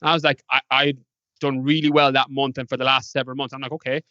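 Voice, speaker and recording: Fast-talking Irish man, lo-fi dry sound. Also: mid-range voice, dry recording. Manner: animated, acts out past conversations. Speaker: podcast guest. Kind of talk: casual interview storytelling.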